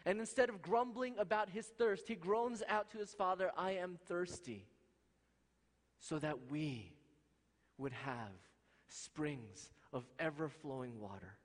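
A fairly high-voiced man delivering an impassioned sermon, rising to loud peaks and dropping to near-hushed passages. His voice rings out with a long reverb trailing behind it, as in a large hall. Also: measured pace. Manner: impassioned, swings from loud highs to hushed lows. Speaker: preacher.

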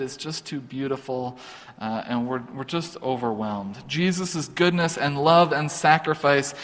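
A man's voice: mid-range voice, a bit bright. Earnest preaching man in a reverberant hall. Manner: earnest, informal, with frequent restarts and fillers. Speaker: pastor. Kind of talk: conversational sermon.

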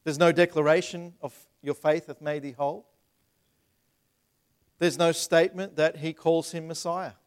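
A pastor with a high-sided, clean-toned voice preaches a sermon with flat delivery at normal speed, pausing often. He asks the room rhetorical questions, stumbles over repeated words, and acts out voices in the scenes he retells.

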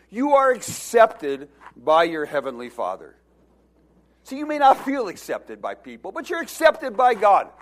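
A man preaching a sermon as pastor, exhorting the congregation and having them repeat phrases, building to loud emphasis at times. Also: a little high.

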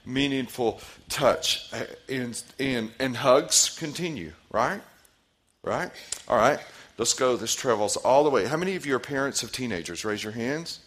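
A man in his forties leads a church parenting seminar in an interactive, animated way. His voice sits at a middle pitch but moves up and down a lot. He keeps throwing questions to the room and echoing the answers back. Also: measured pace. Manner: animated, asks the audience questions and repeats their answers. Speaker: pastor leading a parenting seminar.

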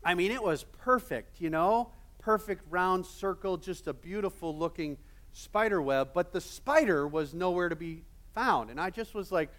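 A male pastor preaching a sermon in a casual, animated storytelling manner with many fillers. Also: sits high, normal speed.

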